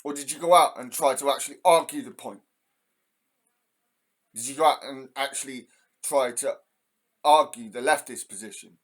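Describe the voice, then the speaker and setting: A man's voice: mid-range voice, normal speed, pauses often. An English man hosting a heated, profane ranting monologue. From England. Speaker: host.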